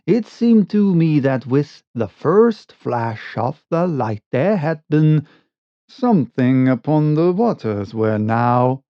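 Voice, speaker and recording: Slow dramatic male story reader. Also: medium pitch, no room sound. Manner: slow, dramatic, varied delivery. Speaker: audiobook reader. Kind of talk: scripted story narration. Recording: dull lo-fi recording.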